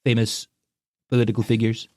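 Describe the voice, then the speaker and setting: A man's voice: fairly low pitch, monotone, brisk, darkish tone, no echo, studio quality. A man co-hosting a show, chatting in an easygoing, laid-back way with short replies. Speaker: show co-host and producer. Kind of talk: casual chat.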